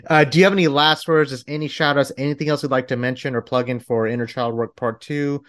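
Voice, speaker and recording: A man's voice: mid-range voice, steady tone, brisk, fairly bright tone. Man, podcast host, loose rambling delivery, lots of restarts. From Texas. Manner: rambling, many restarts and fillers. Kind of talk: casual interview chat.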